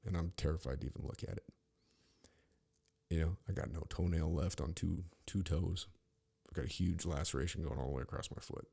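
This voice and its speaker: Gravelly deep-voiced man telling stories. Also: fairly even intonation, a little fast, warm tone. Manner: profane, rambling, with frequent restarts. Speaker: podcast host. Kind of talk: casual storytelling monologue.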